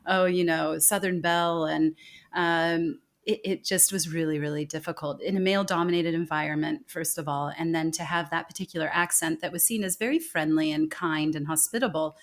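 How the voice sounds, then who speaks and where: A woman with a somewhat low voice talks through a relaxed podcast conversation as the guest. She presses her points with emphasis and becomes lively when she quotes other people. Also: fairly quick. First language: English.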